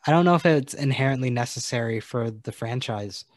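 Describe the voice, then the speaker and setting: A man's voice: mid-range voice, a little fast, dry recording. A man co-hosting a film podcast in a casual chat. He is easygoing and hedges his points with "like". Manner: easygoing, hedging with "like". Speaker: podcast co-host. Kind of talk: casual movie discussion.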